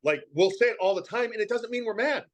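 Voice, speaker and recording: Speaking fast with lively intonation and a high-sitting voice, a professional wrestler guests on a podcast for a casual chat. He's from Massachusetts, has a light New England accent, and rambles with frequent fillers and restarts.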